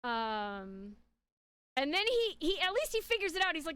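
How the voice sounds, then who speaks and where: A woman's voice: extremely high pitch, big pitch swings, moderate pace, sharp tone, no echo. A woman giving a casual spoken analysis of a video game character. She is chatty and rambling, with many fillers.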